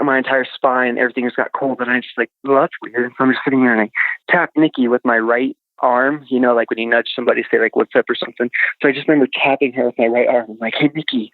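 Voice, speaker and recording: Over a tinny phone line, a man of medium pitch rambles through a childhood memory as a guest on a podcast, his speech thick with fillers. It's casual storytelling, and there's no echo.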